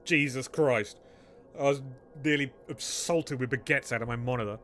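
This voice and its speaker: A man's voice: medium pitch, normal speed, sharp tone. A man streaming a game live, chatting casually with his viewers in a joking, irreverent way.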